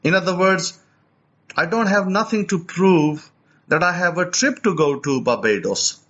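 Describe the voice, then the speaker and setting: Storytelling preacher man, fairly high voice. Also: a little slow, highs cut off. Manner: animated retelling, repeats and restarts words. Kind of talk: storytelling teaching.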